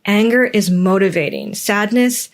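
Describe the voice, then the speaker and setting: A woman's voice: medium pitch, unhurried. A woman hosting a personal podcast, speaking earnestly and emphatically in a reflective monologue, repeating words for stress. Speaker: podcast host.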